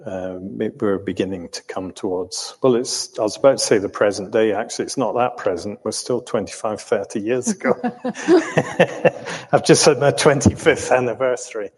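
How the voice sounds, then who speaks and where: An older man from England tells his story slowly and hesitantly, pausing on ums and starting over. His voice sits low and sounds a little husky. The sound carries a long reverb, as if recorded in a hall. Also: animated. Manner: hesitant, full of ums and restarts, chuckling. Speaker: interviewee recounting his life. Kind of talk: reflective storytelling.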